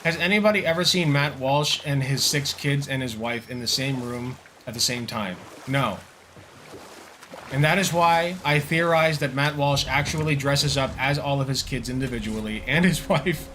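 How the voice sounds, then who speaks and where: A young male streamer riffs at length with swearing and jokey tangents over a game. His voice is bright and edgy at a middle pitch, with faint background hiss. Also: moderate pace. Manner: rambling, profane, joking riffs. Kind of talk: casual livestream commentary while gaming.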